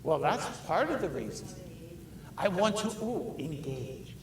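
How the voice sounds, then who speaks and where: A man's voice: high-pitched, wildly swooping pitch, moderate pace, reverberant, distant mic, noisy background. A man preaching a sermon in a conversational way, often putting questions to his listeners. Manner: conversational, asks the congregation many questions. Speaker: pastor.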